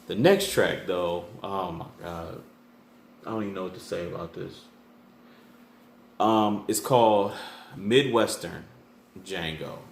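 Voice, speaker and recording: A man hosting his channel, chatting casually through an album track by track, loose and full of fillers and restarts. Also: fairly low pitch. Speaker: music reviewer, channel host. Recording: echoey room with faint background noise.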